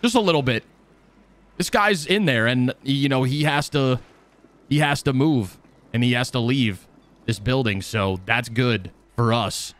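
A man giving casual, chatty gameplay commentary, excitable and self-mocking, breaking into yelps when things go wrong. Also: mid-range voice, unhurried. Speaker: gaming video creator.

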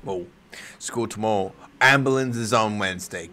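A man hosting a live reaction stream, excitable and joking, swearing now and then. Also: on the low side, moderate pace. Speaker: watchalong host.

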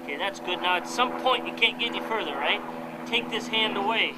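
Man, softball coach, slightly high voice, instructing players, outdoor clinic, traffic noise behind. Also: lively intonation, brisk. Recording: noisy outdoor camera audio.

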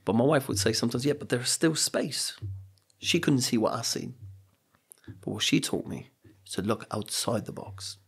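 A middle-aged British man speaks on a podcast in a gravelly, husky voice, earnest and reflective. He tells personal stories and drives his points home with repeated phrases. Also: mid-range voice, moderate pace. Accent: British English. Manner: earnest, storytelling, emphatic repetitions. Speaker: podcast guest.

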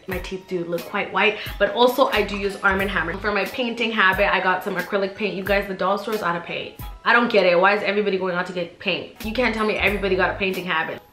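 A woman's voice: mid-range voice, steady tone, fast talker, bright, forceful tone. A woman in her twenties talking casually to her viewers, chatty and playful, repeating phrases for emphasis. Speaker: YouTuber. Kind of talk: casual vlog haul chat. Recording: roomy with faint background music.

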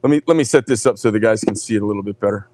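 A middle-aged man hosting a live knife sales show, telling rambling, animated stories between showing each knife. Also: fairly low pitch, rapid-fire, slight background noise. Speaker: host presenting knives.

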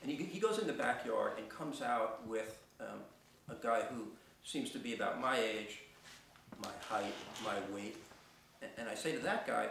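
Man, middle-aged, gravelly voice, halting storytelling, echoey theater, distant mic. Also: mid-range voice, a bit bright, a little hiss or hum. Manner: halting, many restarts and filler words. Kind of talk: personal storytelling on stage. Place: theater stage.

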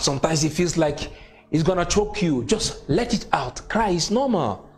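Man, non-native English speaker, sermon, high lively voice, repetitive consoling preaching. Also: moderate pace. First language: not English.

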